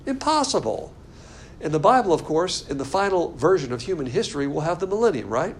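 A man teaching a Bible class in a room, lecturing in a sarcastic, animated and argumentative way. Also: on the high side, brisk, a little hiss or hum.

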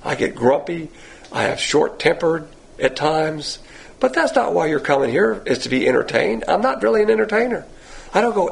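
A man with a Southern accent, a pastor teaching a Bible class in a blunt, self-deprecating, folksy way, his voice hoarse at times. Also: fairly high pitch, expressive, normal speed, a little hiss or hum. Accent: Southern American. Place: church classroom.

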